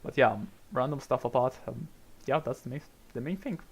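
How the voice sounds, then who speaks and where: A man's voice: mid-range voice, brisk, slight background noise. Italian-accented man chatting over a racing game. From Italy. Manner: chatty, rambling, frequent restarts and little laughs. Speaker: game streamer. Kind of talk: casual live commentary of a racing game.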